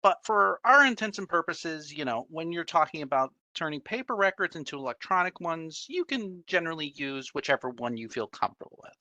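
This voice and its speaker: A man answering as an expert panelist in an online webinar, measured and explanatory, speaking into a computer mic on a video call. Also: fairly high pitch, expressive, sharp tone, no room sound. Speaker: panelist, records imaging expert.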